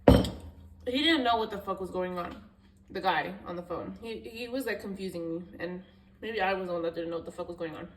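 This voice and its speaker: A woman's voice: on the low side, brisk. A young woman vlogger telling a rambling, candid story in a casual chat, swearing now and then. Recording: echoey room, voice a bit far off, faint background hiss.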